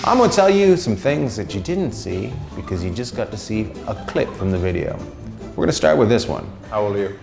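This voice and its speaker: Stand-up comedian man, storytime between clips, gravelly, lively delivery, echoey room. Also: brisk, music in the background. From Canada. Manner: animated, jumps into loud high impressions and laughs.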